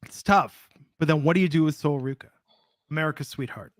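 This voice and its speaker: A man's voice: fairly high pitch, fairly quick, no room sound, clean studio sound. A man co-hosting a podcast in casual chat, upbeat and moving the conversation from one topic to the next. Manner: upbeat, steering the rundown. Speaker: podcast co-host.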